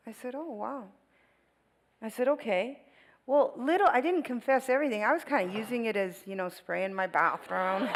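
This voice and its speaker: A middle-aged woman, a guest speaker at a church, telling a personal story in a lively way, with laughs and voiced quotes. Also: on the high side, moderate pace, rough recording.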